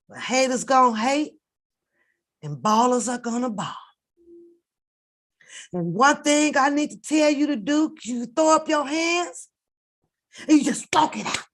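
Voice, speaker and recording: Loud preacher bit, a woman doing it, high and slow, swinging cadence.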